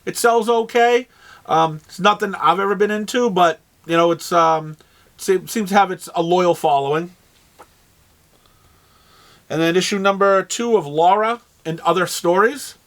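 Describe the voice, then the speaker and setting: A man's voice: high-pitched, unhurried, fairly bright tone. A man with a New England accent, running through the week's new comics in a casual, rambling way with many fillers and restarts. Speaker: comic shop host. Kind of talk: casual product rundown.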